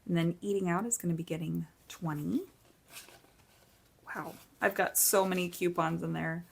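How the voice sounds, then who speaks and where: A woman's voice: on the low side, steady tone, normal speed, creaky, slightly rough. A woman in her forties chatting casually and upbeat while she counts cash into budget envelopes, tired from little sleep. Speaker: budgeting vlogger.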